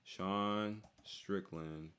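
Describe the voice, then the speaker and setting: Reading out viewer questions and answering them in a casual Q&A chat, a young man speaks very slowly in a slightly low, steady, smooth, somewhat bright voice. He's loose and jokey, leaning heavily on "dude" and "like", trailing off and restarting sentences mid-thought.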